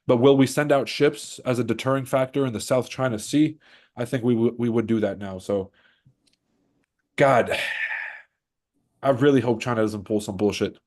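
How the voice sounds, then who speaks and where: A man's voice: mid-range voice, moderate pace, pauses often, a little mellow. A man with a stuffed-up nose hosting a casual trading livestream, talking in a brash, boastful hype-man manner.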